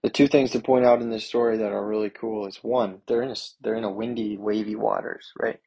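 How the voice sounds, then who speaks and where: A man with a low, gravelly and somewhat husky voice, preaching. He reads scripture aloud and then explains it in earnest, everyday words. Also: fairly even intonation, fairly quick, warm tone, lo-fi sound. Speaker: pastor. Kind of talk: sermon with scripture reading.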